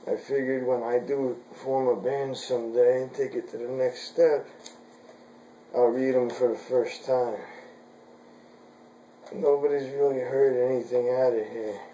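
Slow-talking young man with a mellow voice. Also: mid-range voice, flat delivery, reverberant, a little hiss or hum, poor audio. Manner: frustrated, swearing at gear. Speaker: vlogger. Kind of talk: casual home vlog.

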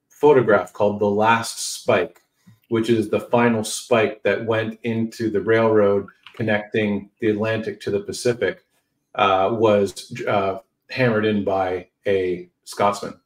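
A Canadian man talks in an unhurried, hesitant way, full of small fillers and pauses. His voice sits a little low. He sounds set back from the microphone, in a room with noticeable echo. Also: little pitch movement, far from the mic. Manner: measured, hesitant, many fillers. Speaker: guest historian. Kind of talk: casual interview talk.

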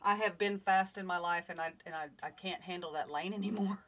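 Brisk and steady, her fairly low voice has a fairly bright tone. Hosting a casual livestream while she works on craft art at home, she chats cheerfully and greets viewers by name. The stream runs live from her phone, with slightly dull audio and faint music.

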